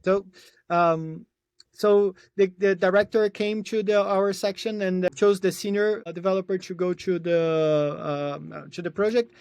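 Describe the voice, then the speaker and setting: High-voiced Brazilian man, hesitant. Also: steady tone, a little slow, darkish tone, smooth, dry recording. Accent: Brazilian Portuguese. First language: Portuguese. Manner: hesitant, with frequent restarts and fillers. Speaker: podcast guest. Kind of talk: casual storytelling.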